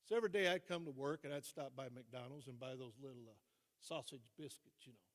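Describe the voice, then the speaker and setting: Older man giving a dramatic speech. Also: medium pitch. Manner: dramatic pauses, repeats phrases for emphasis. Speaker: guest speaker. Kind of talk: motivational storytelling speech. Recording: long reverb in a large hall.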